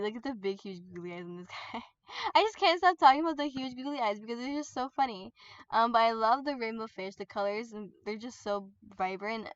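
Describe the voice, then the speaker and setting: Giggly, excitable woman gaming YouTuber. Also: a little high, clear, resonant tone, dry recording, highs cut off. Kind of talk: casual gameplay commentary.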